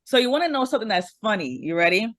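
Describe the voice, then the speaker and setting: Woman, podcast guest, animated storyteller, dry close sound. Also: medium pitch, fast, dry recording. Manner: animated storytelling, acts out others' lines. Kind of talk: casual chat.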